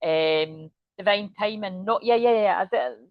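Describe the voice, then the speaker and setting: A woman gives a chatty tarot reading and rambles from card to card. Her voice sits at a middling pitch. The recording is dull, dry and lo-fi. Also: measured pace, no echo. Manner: chatty, rambling, swears casually. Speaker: tarot reader.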